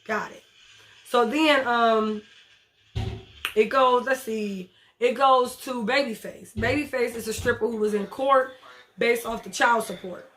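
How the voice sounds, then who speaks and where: A woman's voice: a little high, fairly even intonation, unhurried, a bit bright, slight background noise. A woman recapping a TV episode in casual chat, blunt and profane, talking back to the characters as she goes. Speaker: TV show reviewer.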